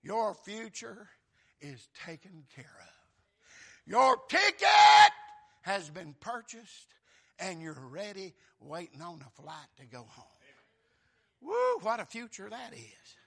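Fervent preacher with a gravelly edge. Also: male voice, sits high, sing-song, measured pace. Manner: fervent preaching, bursting into shouts. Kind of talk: sermon.

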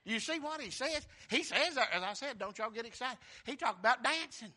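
A man's voice: extremely high pitch, lively intonation, normal speed. Fervent preacher man. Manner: fervent, swings from quiet asides to shouted praise, calls out "Amen?". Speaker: pastor. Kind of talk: sermon.

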